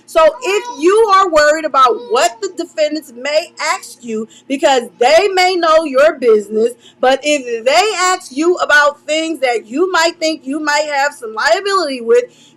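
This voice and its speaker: A woman's voice: high-pitched, fairly bright tone. A woman reading out a courtroom exchange, naming each speaker as she goes, with emphatic commentary in between. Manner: reads both sides of an exchange aloud, naming each speaker; emphatic, repeats phrases for stress.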